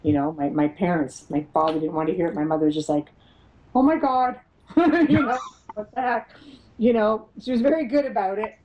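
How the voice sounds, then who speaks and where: A middle-aged woman, a paranormal investigator, telling her experiences as an interview guest, animated and laughing often as she acts out what others said. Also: fairly low pitch, fast, lo-fi sound, slight background noise. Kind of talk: storytelling in an interview.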